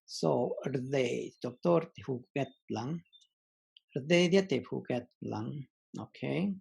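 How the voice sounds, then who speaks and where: A man teaching a language lesson online, slowly repeating example words and pausing with many fillers. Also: medium pitch, gravelly, darkish tone, breathy edge.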